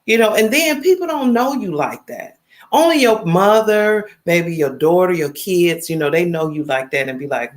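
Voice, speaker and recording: A woman in her fifties hosting a casual livestream, talking straight to her viewers in an animated, emphatic storytelling way. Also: medium pitch, moderate pace. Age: 50s. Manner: animated, emphatic, storytelling, addresses chat directly. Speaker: livestream host.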